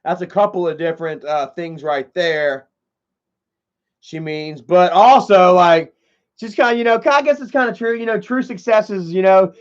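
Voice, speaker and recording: Guy with a pretty high voice rambling on a live stream, cussing a lot, lots of "man" and "you know", kinda dull muffled audio. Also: moderate pace. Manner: loose, profane, repeats "man" and "you know".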